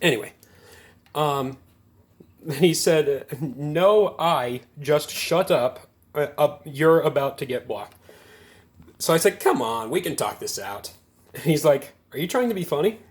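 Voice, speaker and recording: A man's voice: a little high, takes it slowly, long pauses. A man in his twenties casually telling a story to camera, rambling and self-amused, with lots of fillers. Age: 20s. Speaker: gaming video creator.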